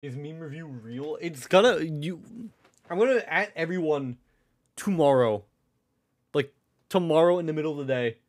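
Rambling, excitable young man streaming. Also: fairly high pitch, normal speed, pauses often. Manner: rambling, swears a lot, restarts, excitable. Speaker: livestreamer. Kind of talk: casual live-stream chat.

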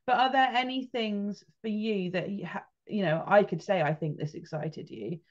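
A woman's voice: mid-range voice, normal speed, muffled recording. A woman interviewing a ministry director, asking long questions with fillers and restarts.

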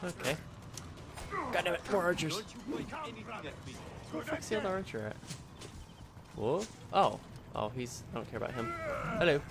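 Gravelly-voiced man swearing at a game. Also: on the high side, big pitch swings, moderate pace, pauses often. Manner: swears often, frustrated outbursts at the game; rambling storytelling with filler words. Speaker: streamer. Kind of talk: casual gameplay commentary. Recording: game music playing behind.

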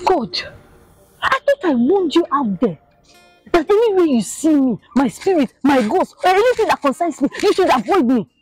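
A woman's voice: sits high, big pitch swings, moderate pace, no room sound, soft background music, low-quality recording. An actress with a Nigerian accent playing a proud young village woman who scolds and mocks an unwanted suitor in a film drama. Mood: furious. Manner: loud, scornful, scolding. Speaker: daughter who has left her marriage. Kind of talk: Nollywood film acting.

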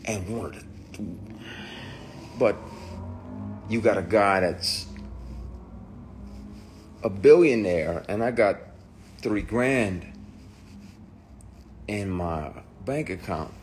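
Deep-voiced man telling a raw story. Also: expressive, drawn-out words, long pauses, a little mellow, slight background noise. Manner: emphatic, raw and swearing, with restarts. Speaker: actor. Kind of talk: candid personal testimony.

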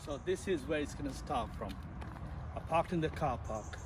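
A chatty man, speaking straight to his viewers in a casual vlog. His voice sits a little higher than most men's. He is outdoors on a hillside, with a faint hiss behind him. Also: expressive, moderate pace. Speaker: travel vlogger.

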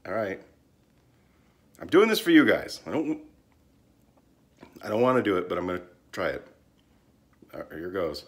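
A man casually reviewing a fast-food sandwich, hesitant and often trailing off while he chews. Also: low-pitched, big pitch swings. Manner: hesitant, trailing off and restarting as he reacts; talks while chewing at times.

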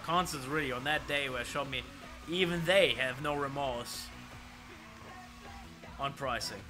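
A man streaming himself playing an arcade racing game, talking casually and excitedly to his viewers and swearing now and then. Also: mid-range voice, unhurried. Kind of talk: live gameplay commentary. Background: arcade racing game music.

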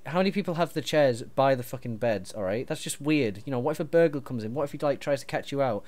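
A man's voice: mid-range voice, animated, fast talker, a little mellow. A young man co-hosting a gaming video, nitpicking his partner with exasperated, swearing rants. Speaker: let's play co-host. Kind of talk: casual gameplay banter.

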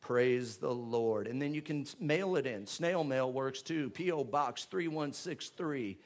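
A man, a pastor making church announcements in a chatty, joking way before rising into loud, fervent prayer. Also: mid-range voice, unhurried. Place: church sanctuary with live congregation.

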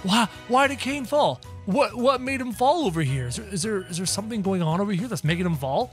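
A man giving excited, energetic commentary over his game, talking straight to his viewers. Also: high-pitched, fairly quick, faint music behind. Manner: energetic, talks to viewers as "guys". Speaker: gaming video creator.

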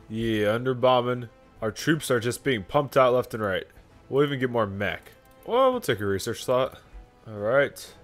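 A young man commentating his own strategy game in a casual, joking way, often breaking into sudden shouts. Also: medium pitch. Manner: excitable, jokey, sudden shouts. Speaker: gaming YouTuber. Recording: faint music behind.

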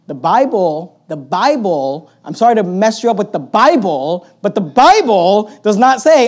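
A male pastor preaching a sermon in an animated way, swinging between loud emphatic bursts and quiet asides, with a sarcastic edge. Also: high-pitched, unhurried, hardly any pauses. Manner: sarcastic, mocking quoted opponents in put-on voices.

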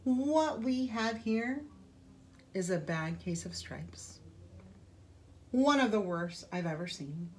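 A woman reading a picture book aloud, voicing a kind old woman in a gentle, soft voice. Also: medium pitch, lively intonation, slow, long pauses, slight background noise.

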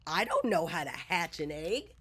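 A woman voicing a gentle, reluctant old male hound dog in a storybook read-aloud. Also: lowish voice, wildly swooping pitch, normal speed, slightly rough, exaggerated voice.

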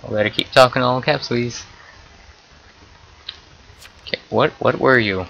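A young man giving casual, excitable commentary while playing an online game, often swearing and exclaiming at what happens. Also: mid-range voice, a little slow, creaky, pauses often, rough recording. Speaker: gameplay commentator.

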